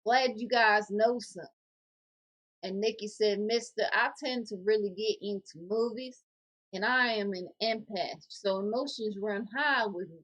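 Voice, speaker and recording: A woman co-hosting a casual podcast, reading viewer comments aloud in a jokey, animated way. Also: medium pitch, measured pace.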